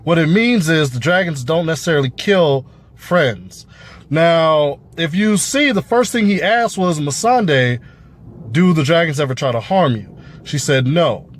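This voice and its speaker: A man's voice: a little high, animated, unhurried. A man giving a casual, profane review of a TV episode, rambling with lots of fillers. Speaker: show reviewer.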